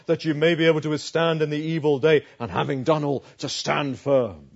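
Guy preaching a sermon, kinda high voice, goes loud then real quiet, muffled lo-fi sound. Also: normal speed, creaky, few pauses. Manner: emphatic, swinging from loud declarations to low, hushed asides.

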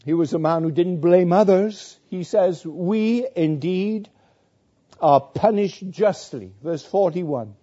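Guy preaching real slow, deep dark mellow tone, kinda muffled lo-fi recording. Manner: slow, deliberate preaching with repeated phrases and quoted scripture. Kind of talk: sermon. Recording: dull lo-fi recording.

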